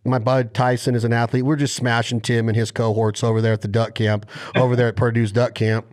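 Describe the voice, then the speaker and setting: Male podcast host, mid-range voice, gushing and animated. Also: mid-range voice, a little fast. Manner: enthusiastic, animated storyteller. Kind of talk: casual interview chat.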